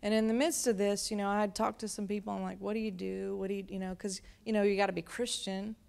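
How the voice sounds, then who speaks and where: A woman's voice: mid-range voice, little pitch movement, fast, vocal fry, darkish tone. A woman pastor giving a sermon in a chatty, storytelling manner.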